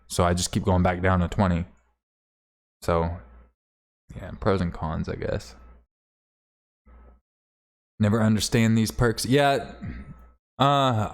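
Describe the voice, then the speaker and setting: A man chatting casually on a livestream while he plays, rambling, swearing now and then and thanking viewers. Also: fairly low pitch. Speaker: game streamer.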